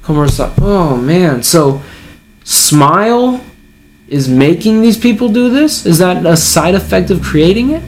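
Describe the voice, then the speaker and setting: A man's voice: sits high, animated, unhurried, a little mellow, a little hiss or hum. A man casually reading a comic chapter aloud and reacting, sighing and chuckling between remarks.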